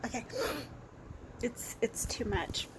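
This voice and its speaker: A woman vlogging casually at home, hiccuping and giggling, hushing herself so she won't wake others. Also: on the high side, slow pace, heavy background noise. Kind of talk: casual self-filmed vlog. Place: indoors at home while others sleep.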